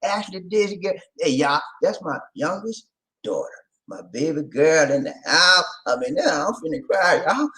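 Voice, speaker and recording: A man's voice: a little high, very animated, normal speed, pushed and bright, poor audio. A middle-aged man from South Carolina with a Southern accent, hosting a casual livestream and greeting viewers with playful laughter. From Charleston, South Carolina. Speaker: livestream host.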